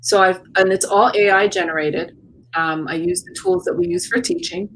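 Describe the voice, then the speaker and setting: A woman who is an artist and educator, talking as an interview guest in a reflective, searching way with many pauses and repeats. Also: mid-range voice, very animated, gravelly, fairly bright tone, a little hiss or hum, poor audio. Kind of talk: casual interview talk. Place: South Florida.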